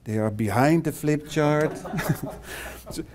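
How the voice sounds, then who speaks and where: A man's voice: fairly high pitch, slow, darkish tone, a little hiss or hum. A middle-aged Dutch man, a non-native English speaker with a Dutch accent, giving a live workshop presentation in a small classroom, with many fillers and restarts as he addresses participants by name. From Netherlands. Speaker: workshop trainer.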